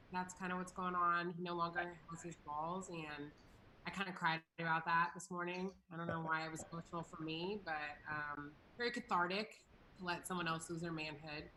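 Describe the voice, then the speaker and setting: A woman comedian chatting casually as a show guest, with dry deadpan jokes. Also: lowish voice, slight background noise, low-quality recording.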